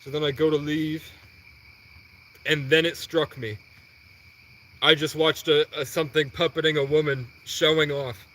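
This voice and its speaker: A young man with a slightly high voice rambles through a lengthy personal anecdote during a livestream, with some faint background noise. He's animated, quickly quoting what others said as he acts out the dialogue.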